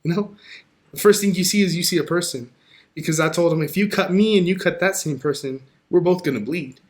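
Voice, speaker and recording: A man guesting on a podcast, chatting casually and telling lively stories, acting out what people said. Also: a little high, a little fast. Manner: animated storyteller who acts out quoted dialogue. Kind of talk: casual conversation.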